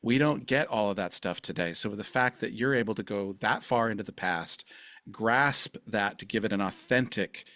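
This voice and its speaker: A man's voice: lowish voice, normal speed, bright, forceful tone, no room sound, studio quality. A man hosting a podcast interview, rambling and effusive in his praise. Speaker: podcast host. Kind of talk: casual interview chat.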